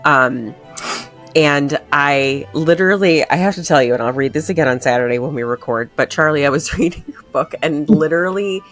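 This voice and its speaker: Brief: woman podcast host, low voice, casual and chatty, faint music behind. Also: moderate pace. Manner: chatty, animated, laughs often. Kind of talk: casual chat.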